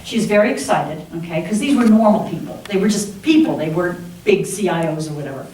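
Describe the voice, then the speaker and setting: A woman's voice: on the low side, brisk, far from the mic. Woman minister preaching in an echoey hall. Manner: animated, humorous retelling with chuckles. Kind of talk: sermon storytelling. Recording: very echoey hall, heard from afar, faint hiss.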